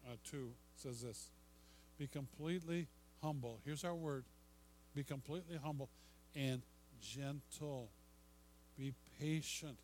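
An older man preaching a sermon, asking rhetorical questions, repeating words and dropping to a soft hush on key phrases. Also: medium pitch, rough recording. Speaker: pastor. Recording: faint mains hum.

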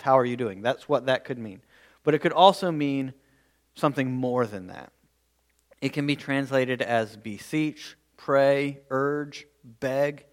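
A man preaching a verse-by-verse sermon in an earnest way, often repeating words as he goes. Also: medium pitch. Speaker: pastor.

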